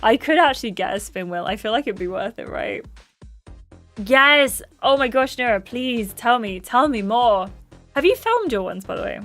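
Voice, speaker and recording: A woman's voice: fairly high pitch, lively intonation, normal speed, a bit bright, faint music behind. A woman streaming a story game, reading its dialogue aloud and chatting with her viewers, often apologizing for her slips.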